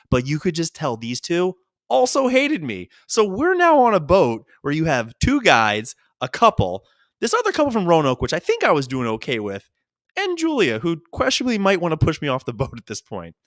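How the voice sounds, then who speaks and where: Lively man telling rambling stories. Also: on the high side, dry recording, studio quality. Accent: New York. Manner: rambling, self-mocking anecdotes with quick voiced asides. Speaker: podcast host. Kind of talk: solo comedic storytelling.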